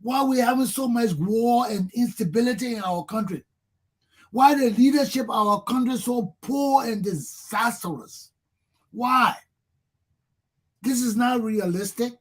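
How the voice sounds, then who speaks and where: A man's voice: very high-pitched, a little slow. A middle-aged Liberian man with a Liberian accent, hosting a talk show and delivering an impassioned monologue full of repeated rhetorical questions. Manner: fervent, repetitive rhetorical questions.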